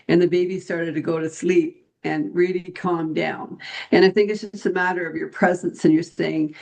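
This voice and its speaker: A man co-hosting a podcast, chatting casually and telling a story in a relaxed way with small restarts. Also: on the high side, moderate pace, creaky, low-quality recording. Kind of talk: casual chat.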